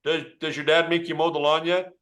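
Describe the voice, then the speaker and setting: A man's voice: on the high side, little pitch movement, a little fast, a bit bright. Playful man demonstrating over a video call. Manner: playful, joking, talks to a child. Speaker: geologist demonstrating an electron microscope.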